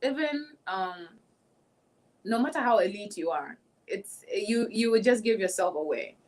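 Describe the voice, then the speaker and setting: A woman's voice: mid-range voice, expressive, unhurried, low-quality recording. Woman telling stories as a panel guest. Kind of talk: casual panel talk.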